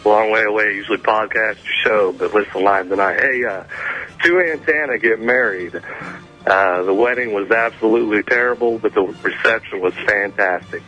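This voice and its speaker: A man from Kansas calls in, his low voice sharp and bright even over a dull, muffled phone line. He is friendly and laid-back as he tells his joke. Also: fairly quick, few pauses, soft background music. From Kansas, United States. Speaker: caller.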